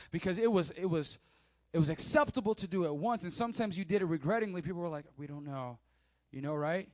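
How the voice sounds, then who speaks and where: High-voiced man preaching a lively sermon. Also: fast, no echo. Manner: animated preaching, swinging between hushed asides and loud emphatic lines. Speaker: pastor. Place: church service.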